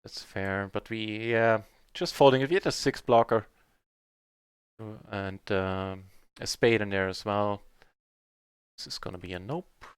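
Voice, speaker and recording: A man streaming live poker, chatting through his hands in a mutter that breaks into excited shouts on big wins. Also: fairly low pitch, a little slow, long pauses, clean tone, dry recording, studio quality.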